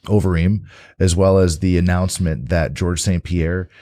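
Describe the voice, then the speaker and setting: A man with a very low, mellow voice hosts a relaxed podcast chat. He rambles a little, trips over and repeats his words, and sounds close and dry in the studio. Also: normal speed, dry recording. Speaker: podcast host. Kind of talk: casual chat.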